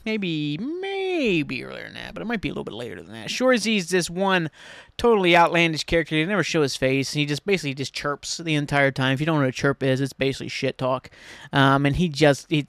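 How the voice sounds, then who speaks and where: An American man hosting his own solo podcast, rambling excitedly and swearing freely as he chats. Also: fairly high pitch, no echo, studio quality. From United States. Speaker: podcast host. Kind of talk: casual solo podcast chat.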